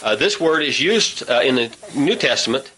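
A man leading a Bible study, reading scripture aloud and asking his listeners rhetorical questions in a hurried delivery. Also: mid-range voice, expressive, bright, forceful tone, poor audio. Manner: hurried, says he must talk rapidly. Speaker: Bible teacher.

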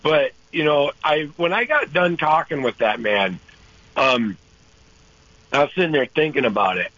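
A man calling in to a talk show, telling a story in a rambling, halting way with lots of restarts. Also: on the high side, expressive, fairly bright tone, no room sound. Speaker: caller. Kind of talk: casual storytelling. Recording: dull lo-fi phone-in audio.

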